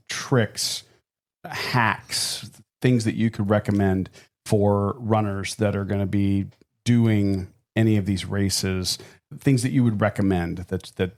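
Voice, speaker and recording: A man hosting a running podcast, asking questions in a relaxed, conversational way. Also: lowish voice. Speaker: podcast host. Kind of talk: casual interview chat.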